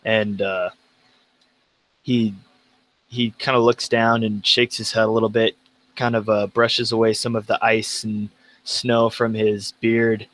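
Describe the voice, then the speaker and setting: A soft-spoken man at the gaming table who talks through his character's moves with hesitation. His voice is fairly low. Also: flat delivery, unhurried, low-quality recording. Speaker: player. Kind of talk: casual tabletop play.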